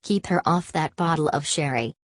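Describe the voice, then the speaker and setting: A woman's voice: sits low, moderate pace, no room sound. A woman reading the part of a dead clerk's ghost, speaking in a hollow, earnest way.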